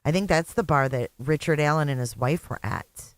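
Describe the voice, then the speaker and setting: A middle-aged host from Indiana riffs through live reaction commentary with blunt, profane sarcasm. The voice sits at an ordinary mid pitch, recorded close on a dry, dead-sounding mic. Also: lively intonation, normal speed, no echo. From Indiana, USA. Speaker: channel host.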